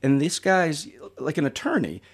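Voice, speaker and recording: A man's voice: a little high, sing-song, moderate pace, breathy edge. A man hosting a podcast, telling anecdotes in a chatty way and acting out the people he quotes. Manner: chatty storyteller, acts out quoted voices. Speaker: podcast host. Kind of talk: casual podcast conversation.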